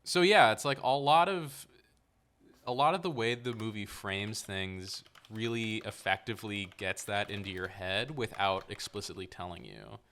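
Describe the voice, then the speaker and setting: A man co-hosting a podcast, talking through film ideas in a measured, thoughtful way. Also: lowish voice, lively intonation, fairly bright tone. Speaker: podcast co-host. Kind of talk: casual film-discussion chat.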